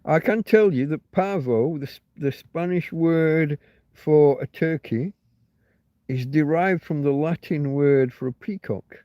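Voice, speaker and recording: A man's voice: a little high, measured pace, dry recording, lo-fi sound. A man hosting a casual livestream, rambling and swearing freely as he answers chat comments. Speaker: livestream host.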